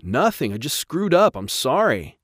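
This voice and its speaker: A man's voice: mid-range voice, animated, brisk, dry recording, clean studio sound, lightly acted. A man voicing a defensive teenage boy who protests in a raised, strained voice in an audiobook. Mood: upset protest.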